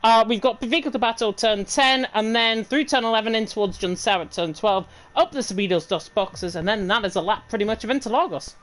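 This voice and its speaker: A woman's voice: a little high, brisk, few pauses, a bit bright, low-quality recording. A woman with a Northern English accent giving chatty, self-deprecating live commentary on a racing league. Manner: chatty, self-deprecating, fluent reading of standings. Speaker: race commentator.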